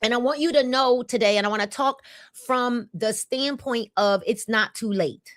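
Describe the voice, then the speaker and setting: Brief: woman, fifties, livestream host, slightly high voice, energetic and repetitive. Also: moderate pace, slight background noise. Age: 50s. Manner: energetic, repetitive calls to comment. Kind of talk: casual livestream talk to viewers.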